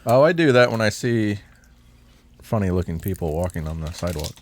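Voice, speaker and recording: A man's voice: low-pitched, expressive, a little fast. A man co-hosting a casual podcast, playful and chipper while tasting snacks. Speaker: podcast co-host.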